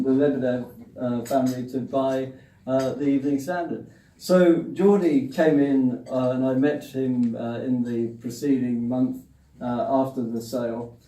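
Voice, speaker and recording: A man's voice: medium pitch, dark tone. A man, recounting his newspaper career to an audience in a wry, understated way. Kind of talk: anecdotal storytelling to an audience. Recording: roomy hall, distant mic.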